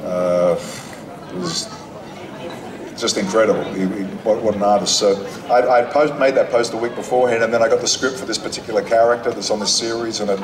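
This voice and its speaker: A man's voice: fairly low pitch, a little fast. A male actor on stage at a convention, telling stories to the audience in long, reflective sentences with restarts. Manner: thoughtful, speaks in long winding sentences with restarts. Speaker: actor guest at a convention panel. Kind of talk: reflective storytelling to a live audience. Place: stage at an outdoor convention in the sun. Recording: echoey, distant, with crowd noise. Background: crowd of fans.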